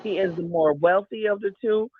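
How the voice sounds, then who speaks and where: A man's voice: high voice, moderate pace, husky. A man calling in to a talk show, giving rambling, opinionated takes and repeating himself. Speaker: caller. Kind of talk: casual opinionated chat. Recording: tinny phone line with faint hiss.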